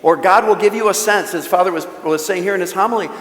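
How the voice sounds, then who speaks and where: High-voiced man speaking in an echoing church. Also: quick pace, fairly bright tone. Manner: storytelling with joking asides to the audience. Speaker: guest speaker at a parish mission. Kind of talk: conversational talk at a church mission. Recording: echoey church with long reverb.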